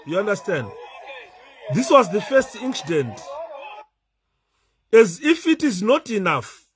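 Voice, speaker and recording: A man's voice: high-pitched, very animated, takes it slowly. A man giving emotional commentary over video clips, repeating himself with great emphasis. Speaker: political commentator.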